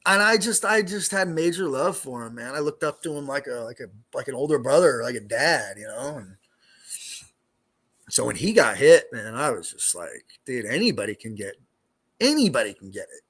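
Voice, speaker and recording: A man's voice: medium pitch, expressive, normal speed, a bit bright, breathy edge. Profane, rambling streetwise man. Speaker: guest, former prisoner. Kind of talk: casual storytelling interview.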